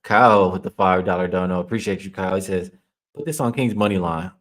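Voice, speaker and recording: A man's voice: low voice, fast, a bit bright. A man hosting a sports betting livestream, casually reading viewer chat aloud and answering it. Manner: casual, heated when ranting at a chat troll; laughs often while reading comments. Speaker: sports betting show host.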